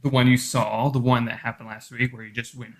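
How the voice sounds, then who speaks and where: A man running a tabletop game as game master, talking with many pauses and restarts. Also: medium pitch, level tone. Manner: halting, lots of fillers and restarts.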